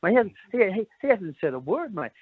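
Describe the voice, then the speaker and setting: Saying "mate" constantly, a middle-aged Australian man rambles and repeats words in a candid conversation as an interview guest. His voice is high, very animated, fairly quick and breathy-edged, captured dry with a tinny, phone-like sound.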